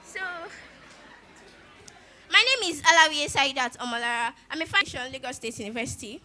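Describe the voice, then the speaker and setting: Emotional high-voiced Nigerian woman. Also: lively intonation, bright, forceful tone, slight background noise. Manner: emotional and halting, with repeated restarts. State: close to tears. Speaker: university student and fan. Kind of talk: emotional tribute speech.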